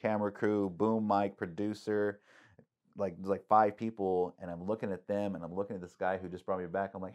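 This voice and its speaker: A middle-aged man with a very deep, low voice telling a story on a podcast. He talks casually with plenty of "like" fillers. He acts out the people in his story animatedly, leaping up in pitch for their lines. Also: fairly quick. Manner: animated, acts out quotes with big pitch jumps, many "like" fillers.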